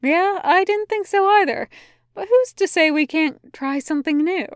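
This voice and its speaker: A woman voicing a cheerful, forthright female angel who speaks brightly and briskly. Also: very high voice, no echo, studio quality, voice pushed up.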